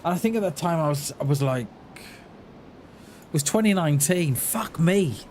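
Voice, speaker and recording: A man in his forties chatting casually on a gaming livestream, rambling and halting, often restarting his words and answering his viewers in a friendly way. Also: fairly high pitch, expressive, darkish tone. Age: 40s. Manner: talks back to chat in a friendly, reassuring way. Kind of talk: casual livestream chat while playing. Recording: noisy home stream recording.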